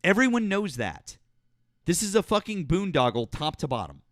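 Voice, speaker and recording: A high-pitched, bright man with a sore throat, hosting a live political call-in show. He argues in a blunt, profane, combative manner. The sound is dry and close. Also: big pitch swings, normal speed, no echo. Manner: argumentative, profane, talks over callers. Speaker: political talk show host. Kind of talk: heated live call-in debate.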